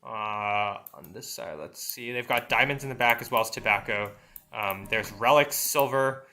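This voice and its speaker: A man's voice: on the low side, moderate pace, bright, forceful tone. A man commentating a strategy game match, thinking aloud with many fillers and restarts. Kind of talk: esports commentary.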